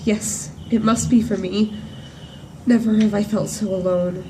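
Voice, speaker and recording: A woman in a church performing a monologue as a grief-stricken woman disciple at the empty tomb. She speaks earnestly and in measured phrases, with emphatic repetitions. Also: medium pitch, steady tone, background noise, lightly acted. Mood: grieving. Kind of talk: dramatic first-person monologue. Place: church service at sunrise. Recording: distant voice with faint room ambience.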